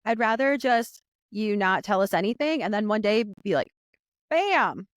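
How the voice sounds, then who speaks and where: A woman's voice: mid-range voice, moderate pace, no room sound. A woman co-hosting a podcast, chatting casually and laughing easily along with her co-host. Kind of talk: casual chat.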